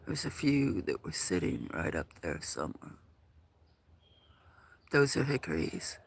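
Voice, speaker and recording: A man hosting a casual livestream outdoors at a farm, talking in a soft, hesitant way with lots of fillers. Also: low-pitched, very animated, vocal fry, a little hiss or hum. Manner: slow, soft-spoken, hesitant with many fillers. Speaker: livestream host.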